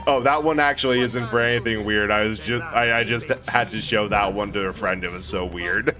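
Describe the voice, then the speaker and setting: Over background music, a man with a fairly low pitch talks at a normal pace as he plays a video game live. His commentary is casual and jokey, aimed at his viewers, and full of laughter.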